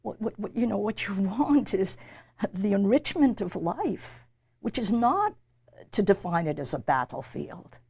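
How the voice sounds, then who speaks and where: In this reflective interview, an older woman who teaches literature talks in a mid-range, husky voice with a darkish, creaky quality. Her pitch rises and falls widely at a measured pace. She is emphatic and thoughtful, frequently repeating words as she searches for the right expression.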